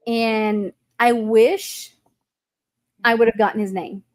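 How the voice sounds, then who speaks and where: Animated storytelling woman host. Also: a little high, slow pace. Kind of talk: casual chat.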